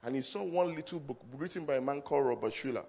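A middle-aged man, a pastor, preaching a sermon to a congregation, telling stories in a low voice and then rising to loud emphatic peaks, with call-and-response. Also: lively intonation, fast, gravelly, slightly rough. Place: church service with a congregation.

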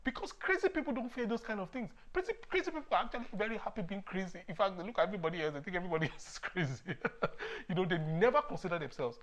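A lively male preacher weaves childhood stories into his sermon. His voice swings widely in pitch, and he breaks into chuckles and sudden shouts of emphasis as he speaks. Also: fast talker. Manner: animated, laughs often, shouts for emphasis. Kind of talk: sermon with personal storytelling.

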